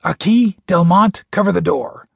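A man's voice: sits high, animated, normal speed, gravelly, breathy edge, dry recording, pitched above the performer's own voice, exaggerated voice. A male audiobook narrator voicing a stern alien soldier who gives clipped, commanding orders, recorded in a dry booth. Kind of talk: audiobook character voice.

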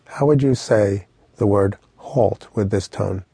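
A man teaching an audio language lesson, explaining with lively, vivid storytelling and direct instructions. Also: lowish voice, slow, vocal fry, husky, no room sound, studio quality.

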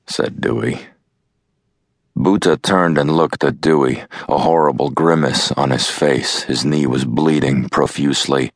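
Deep gravelly man narrating an audiobook. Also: unhurried, dry recording, studio quality. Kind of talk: scripted narration.

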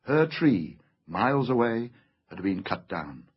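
A man narrating a fantasy audiobook in an expressive, theatrical reading. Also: fairly low pitch, unhurried, breathy edge. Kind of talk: scripted storybook narration. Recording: slightly dull lo-fi audiobook recording with faint music.

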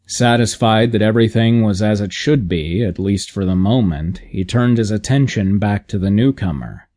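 Measured male audiobook narrator. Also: fairly low pitch, a little mellow.

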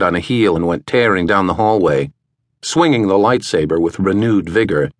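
Deep-voiced male audiobook narrator. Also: normal speed, no echo, studio quality. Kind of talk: scripted narration.

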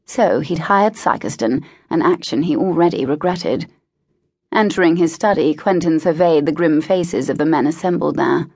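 A woman narrating a historical romance audiobook in a measured, even manner. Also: low voice, husky, no room sound, clean studio sound. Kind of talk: scripted narration.

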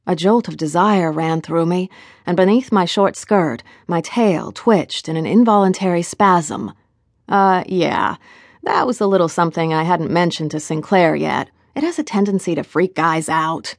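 A woman's voice: lowish voice, normal speed, no room sound. A woman narrating a first-person novel in a wry, conversational way, recorded on a close studio mic. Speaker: audiobook narrator.

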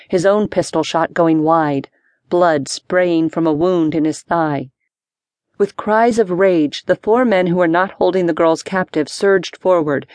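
Brief: female audiobook narrator, lower register, dry close sound. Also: a little mellow, dry recording. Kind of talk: scripted narration.

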